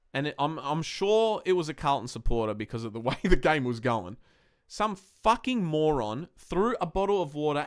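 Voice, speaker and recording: A man's voice: a little high, clear, resonant tone. Sweary Australian man ranting about footy. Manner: heated, sweary, ranting fan commentary. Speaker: podcast host. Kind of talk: casual live-stream match review.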